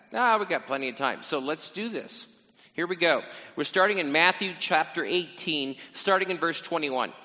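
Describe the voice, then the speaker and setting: A man with a somewhat high, bright voice preaches a casual sermon and teases his congregation as he goes. His voice rings out with a long reverb in a large hall. The recording sounds muffled and lo-fi. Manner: casual, teasing, talks directly to the congregation. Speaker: pastor.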